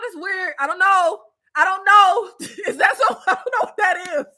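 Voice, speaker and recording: A woman hosting a casual live-stream recap chat, animated and slangy, laughing often, with a stuffy nose and scratchy throat. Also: very high voice.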